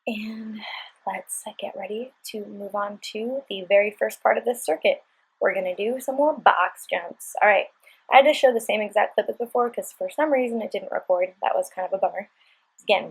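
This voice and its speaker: A woman coaching a workout in a voice-over, chatty and encouraging throughout. Her voice sits at a middling pitch with a breathy, slightly husky edge. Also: low-quality recording. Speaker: fitness instructor.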